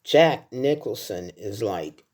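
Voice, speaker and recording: Expressive and slow, with a rumbling low voice and a darkish tone, a woman in her sixties runs through a casual countdown of her favorite films. As a film vlogger, she keeps it chatty and tells heartfelt stories along the way.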